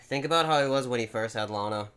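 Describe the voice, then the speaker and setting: A man's voice: medium pitch, quick pace, smooth. Man animatedly recapping wrestling shows. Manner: animated storytelling, acting out quotes. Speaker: podcast co-host. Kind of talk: casual recap chat.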